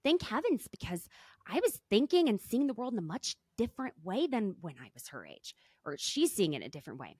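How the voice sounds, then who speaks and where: Lively woman podcast host. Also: medium pitch, slightly rough, no echo, clean studio sound. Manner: animated, chatty, quick asides. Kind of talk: casual recap chat. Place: podcast recording.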